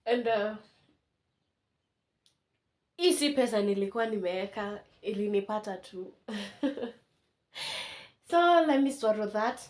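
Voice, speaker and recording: A woman's voice: mid-range voice, lively intonation, slow pace, long pauses, a little mellow. A Kenyan woman in her twenties, chatting casually and emotionally as she unboxes things for a home vlog. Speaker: vlogger. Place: indoors at home.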